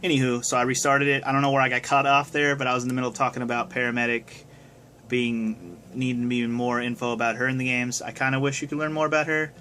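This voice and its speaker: A man's voice: mid-range voice, level tone, quick pace, sharp tone, a little hiss or hum. A young man casually answering viewer questions on his video, rambling and swearing now and then. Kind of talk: casual chat. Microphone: phone camera.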